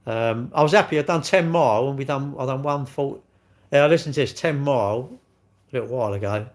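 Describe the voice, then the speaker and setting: A man's voice: medium pitch, a little fast. A man, chatting casually on a live stream and telling rambling, sweary stories while answering viewers. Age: 60s.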